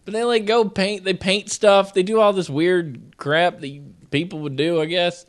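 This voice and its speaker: A man's voice: sits high, moderate pace. A man co-hosting a show, telling joking stories in casual chat. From United States. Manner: animated, joking storyteller. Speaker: podcast co-host.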